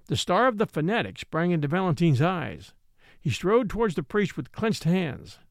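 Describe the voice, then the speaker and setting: Male narrator, fairly high voice, animated delivery, dry close sound, reads a classic mystery. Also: moderate pace, dry recording. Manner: reads all characters with lively shifts in pitch. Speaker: audiobook narrator. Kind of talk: scripted narration of a mystery story.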